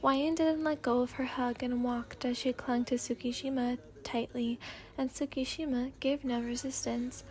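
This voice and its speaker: Soft-spoken woman reading ASMR fanfic. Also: high-pitched, steady tone, normal speed. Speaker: narrator.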